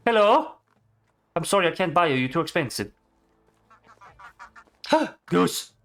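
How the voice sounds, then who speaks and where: A man giving casual, excitable commentary while playing a video game, swearing and chatting to the animals he meets. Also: sits high, normal speed, long pauses, soft background music. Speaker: gaming streamer.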